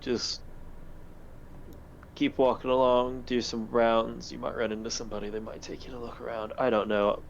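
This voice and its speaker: A man voicing a tired, curt male security guard at the end of a long shift, giving gruff, weary instructions in a slightly muffled recording. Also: mid-range voice, flat delivery, normal speed, slight background noise, close to an everyday voice. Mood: weary, brusque.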